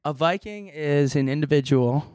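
A man's voice: on the high side, moderate pace, a little mellow, smooth, no echo. Man, podcast co-host, goofy jokey banter, dry close mic. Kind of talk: casual chat.

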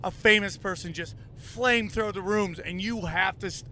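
A man's voice: high voice, moderate pace, pushed and bright, a little hiss or hum. Emphatic male podcast host. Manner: emphatic, enthusiastic reactions and praise. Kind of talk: casual chat.

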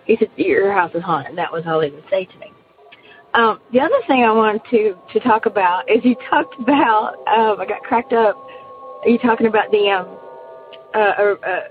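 A woman's voice: a little high, fairly quick, soft background music. A woman caller leaving a chatty, meandering voicemail for a podcast. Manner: chatty, meandering, many fillers. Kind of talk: recorded voicemail message. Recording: tinny phone line.

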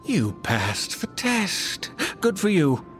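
A smug, sinister elf attendant. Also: male voice, high voice, huge pitch swings, fairly bright tone, soft background music, full character voice. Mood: mocking. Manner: mockingly polite, drawn-out taunting. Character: smug, menacing male elf flight attendant. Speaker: voice actor. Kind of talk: horror audio drama acting.

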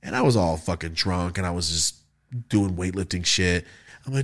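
Animated man telling wild stories. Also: sits low, normal speed. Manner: animated, profane, acts out voices in stories. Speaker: podcast host. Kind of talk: casual storytelling.

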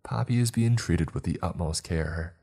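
A man's voice: low voice, normal speed, vocal fry, breathy edge, exaggerated voice. A man doing a smug, cruel doctor. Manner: calm, murmuring, condescending.

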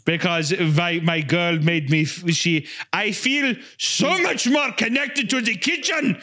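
A man's voice: sits high, slow pace, hardly any pauses, bright, forceful tone. A man riffing in comedic podcast banter, parodying a YouTuber's upbeat delivery with frequent laughter. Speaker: podcast co-host.

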